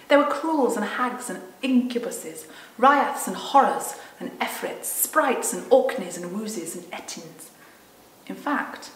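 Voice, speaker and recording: A woman, a children's Sunday school leader, gently and expressively reading a storybook aloud. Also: fairly high pitch, echoey room, low-quality recording.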